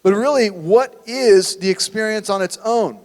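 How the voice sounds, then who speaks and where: A man's voice: high voice, a little slow, a little mellow, big-room sound. A man preaching a sermon as a church pastor, conversational and full of rhetorical questions. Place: church sanctuary.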